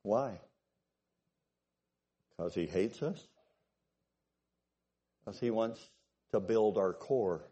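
A man preaching a sermon, telling stories and checking in with his congregation, swinging from loud bursts to low asides. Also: lively intonation, drawn-out words, long pauses, breathy edge, muffled recording. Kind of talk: sermon with storytelling.

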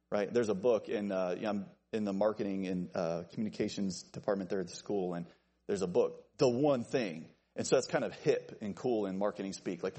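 A man preaching an evening sermon, animated and joking with listeners he calls by name. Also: husky. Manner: animated, jokey asides to named listeners, lively pitch swings.

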